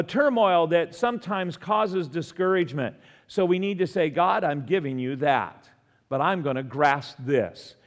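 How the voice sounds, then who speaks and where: A middle-aged pastor delivers a sermon in an earnest voice that sits high for a man, calling out to his congregation. His words ring with the long reverb of a large hall.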